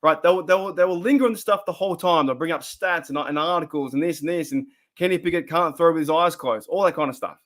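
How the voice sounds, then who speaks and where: An Australian man hosts a casual fan livestream, chatting and rambling while reading viewer comments aloud. His voice is fairly high and fairly bright, and he talks fast with hardly any pauses.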